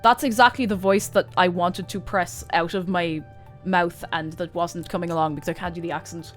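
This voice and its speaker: A young woman streamer reading a visual novel aloud with expressive, laughing reactions. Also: fairly low pitch, moderate pace, soft background music.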